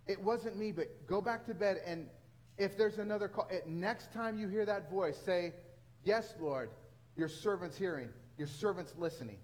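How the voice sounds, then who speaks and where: Pastor plays a gruff old priest woken at night, impatient and high. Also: male voice, normal speed, a little mellow, lightly acted. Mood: instructing.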